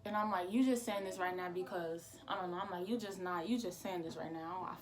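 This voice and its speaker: A woman's voice: fairly low pitch, fairly quick, crowd noise. A teenage girl, casually telling a storytime vlog with lots of quoted dialogue. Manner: animated retelling with quoted dialogue. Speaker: vlogger.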